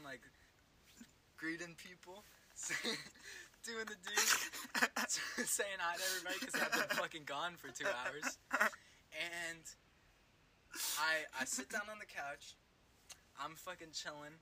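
Laughing young man telling a wild story. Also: sits high. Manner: rambling, swears constantly, laughs through his story. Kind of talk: casual storytelling chat. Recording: noisy recording with clicks.

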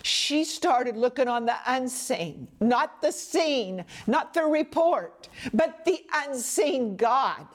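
A woman teaching a devotional message in an earnest manner, speaking straight to the listener as a friend and sinking to hushed whispers for emphasis. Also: sits high, animated, takes it slowly, few pauses. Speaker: Bible teacher.

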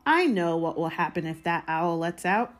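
A woman's voice: fairly low pitch, lively intonation, moderate pace, faint music behind, lightly acted. A woman voicing a blustering, bullying middle-aged uncle who roars his lines in a storybook reading. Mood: angry. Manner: roaring, explosive.

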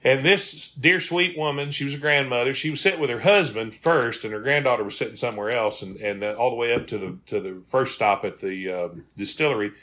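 A man's voice: mid-range voice, brisk, hardly any pauses, pushed and bright. A man, a comedy tour guide telling folksy stories on a podcast and acting out the people in them. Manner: folksy, laughing, acts out quoted people. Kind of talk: casual podcast storytelling.

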